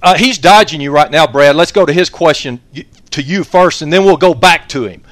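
A man's voice: fairly high pitch, a little fast, a bit bright, dry recording. A man hosting a confrontational talk show, blunt, pushy and swearing freely. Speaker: host.

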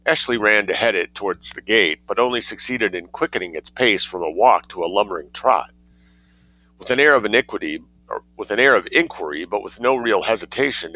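A man narrating a story in a measured, wry reading. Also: lowish voice, bright, forceful tone, poor audio.

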